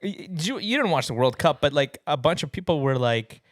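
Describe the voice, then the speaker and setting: A man's voice: on the high side, very animated, no room sound, clean studio sound. A man guesting on a comedy podcast, chatting casually, joking and swearing, often laughing. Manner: joking, profane, quick to laugh.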